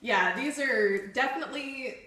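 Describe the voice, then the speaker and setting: A woman's voice: high voice, measured pace, pushed and bright, reverberant. Upbeat woman co-hosting a fitness chat. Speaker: fitness show co-host. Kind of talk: casual live-stream chat.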